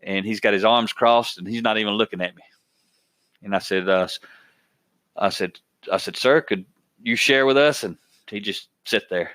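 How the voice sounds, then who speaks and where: A man's voice: fairly low pitch, normal speed, long pauses, fairly bright tone, no echo. Plainspoken man telling a work story. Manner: plainspoken, folksy, repeats himself while storytelling. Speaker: podcast host. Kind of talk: storytelling podcast monologue.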